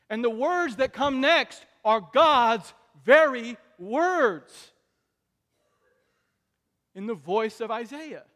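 Brief: high-pitched male preacher, dynamic sermon delivery, long hall reverb. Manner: dynamic delivery, swings between soft asides and loud emphatic peaks.

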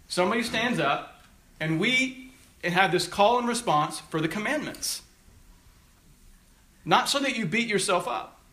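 A male pastor with a bright, forceful voice that sits high delivers a sermon. He teaches through a passage emphatically, rising in pitch on each quoted verse.

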